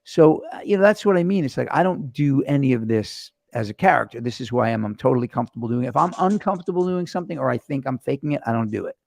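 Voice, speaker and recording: A man hosts a loose chat, his voice gravelly with fry and picked up dry and close. He rambles from story to story, animated and profane, at a middling pitch. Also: quick pace, few pauses, no room sound. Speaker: host. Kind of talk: casual chat. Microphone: webcam or phone camera mic.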